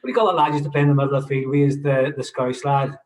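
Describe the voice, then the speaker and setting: A man's voice: mid-range voice, racing. A man co-hosting a podcast, telling an anecdote in a loose, jokey way. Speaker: podcast co-host. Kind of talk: casual podcast conversation. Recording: roomy sound.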